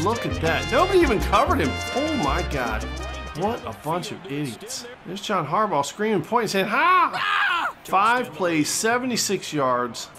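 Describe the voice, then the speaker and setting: Excitable jokey play-by-play gamer man. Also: high-pitched. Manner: excitable, jokey sportscaster voice with sudden loud outbursts. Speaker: gaming channel host. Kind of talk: play-by-play commentary over a football video game. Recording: game music underneath.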